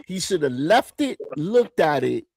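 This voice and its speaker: A man's voice: fairly high pitch, very animated, unhurried, gravelly, darkish tone, no room sound, studio quality. A man hosting a casual podcast chat, getting impassioned and preachy, hammering his point home by repeating phrases. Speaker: podcast host.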